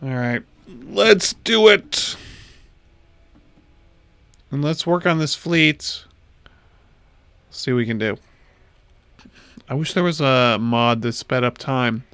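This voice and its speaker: Slow, chatty man streaming a game. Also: mid-range voice, a bit bright, smooth, no room sound. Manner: chatty, talks to chat while playing. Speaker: livestreamer. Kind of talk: casual gameplay livestream chat.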